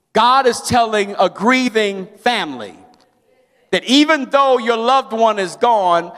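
High bright-voiced preaching man. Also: in a large hall. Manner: preaching, rising to shouts at climaxes; storytelling, casual asides. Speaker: pastor. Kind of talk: sermon.

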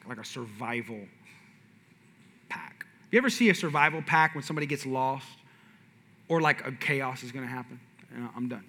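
A man preaching a sermon, animated and shifting from loud punches to hushed asides. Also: fairly high pitch. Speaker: pastor. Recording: reverberant hall.

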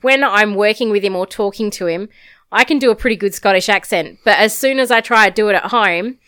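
A woman's voice: mid-range voice, a little fast, a bit bright, clean tone, dry recording. A woman co-hosting a podcast in casual, jokey chat, often slipping into put-on quotes. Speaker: podcast co-host.

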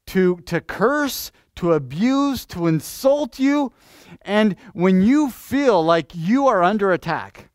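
A pastor preaching in church, lively and questioning, restarting phrases and asking the congregation things. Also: male voice, high-pitched, no room sound, clean studio sound. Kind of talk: sermon.

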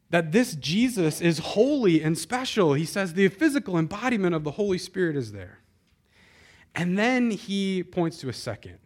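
A man preaching a sermon as pastor, talking conversationally and speaking directly to the congregation. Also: on the high side. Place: church before a live congregation.

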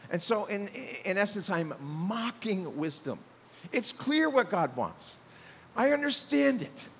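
A middle-aged male pastor preaching a sermon in a lively way, acting out the voices he quotes. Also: high-pitched, a little slow, in a large hall, a little hiss or hum.

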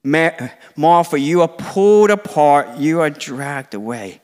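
A man's voice: on the high side, lively intonation, unhurried, darkish tone, big-room sound. A middle-aged man preaching a conversational, self-deprecating sermon to a church congregation, now and then acting out quoted dialogue.

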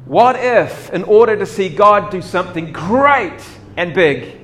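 A man preaching a sermon, acting out doubts and voices of the people in the story with big swings in loudness. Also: high voice, unhurried. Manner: animated, acts out characters' doubts with dramatic swings in loudness. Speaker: pastor.

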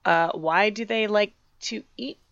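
A co-host in a casual book discussion, asking curious questions, full of "like" and quick laughs. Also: mid-range voice, fairly bright tone, no echo, dull audio.

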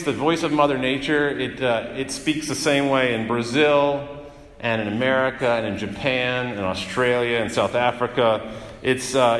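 A man's voice: mid-range voice, a bit bright. A male pastor giving a sermon in an earnest, emphatic way, often repeating phrases. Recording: echoey hall with long reverb.

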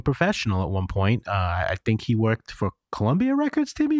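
Rambling low-voiced male comedy podcast host. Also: huge pitch swings, fairly quick, hardly any pauses, a little mellow, dry recording, clean studio sound. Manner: rambling, self-interrupting, mock-defensive. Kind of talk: improvised comedy podcast banter. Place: studio.

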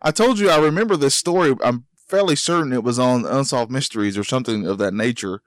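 A relaxed man at a mid-range pitch, chatting easily and chuckling along. His voice comes across close and dry. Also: quick pace, no room sound. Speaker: podcast co-host. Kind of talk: casual chat.

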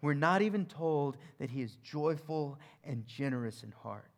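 A male preacher delivers a sermon in a relaxed, conversational way. His voice sits a little high for a man. He moves between emphatic points and soft, hushed passages. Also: unhurried.

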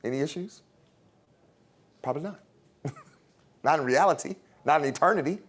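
A man's voice: fairly high pitch, moderate pace, husky. A man teaching a Bible class in a casual, conversational way, with chuckling asides, ending in prayer.

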